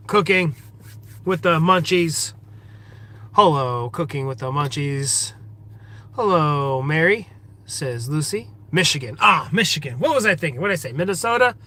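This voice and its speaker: A man's voice: sits high, pushed and bright. A man hosting a casual livestream outdoors in a forest, reading viewer comments aloud and greeting each viewer by name. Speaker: livestream host.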